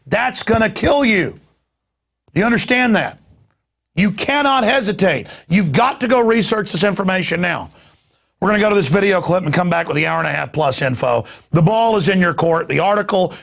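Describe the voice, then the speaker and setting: A man's voice: sits high, lively intonation, moderate pace, gravelly, fairly bright tone. A middle-aged man hosting a talk show, ranting in an impassioned, indignant way and stumbling over repeated words. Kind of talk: heated talk radio rant.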